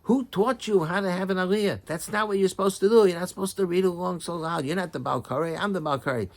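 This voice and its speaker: A man's voice: high-pitched, fast, voice pushed up. A man playing an enraged synagogue reader. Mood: scolding. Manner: scolding, indignant. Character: angry man reading the Torah, shouting.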